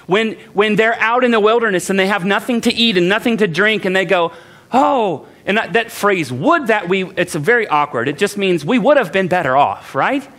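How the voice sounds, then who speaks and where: A man's voice: high-pitched, a little fast, few pauses, fairly bright tone. A man preaching a sermon as a pastor, conversational and self-deprecating, acting out the voices of the people in the text.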